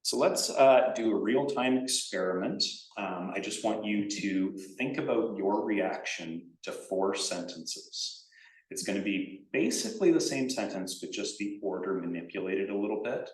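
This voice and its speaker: A man giving a conference writing workshop in a casual, animated way, acting out example sentences. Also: fairly low pitch, unhurried. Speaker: workshop presenter. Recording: echoey room, distant from mic.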